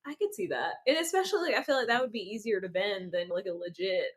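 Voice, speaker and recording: A woman's voice: mid-range voice, animated, fast talker. A woman co-hosting a podcast, chatting casually about a book with wry, blunt reactions. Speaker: podcast co-host.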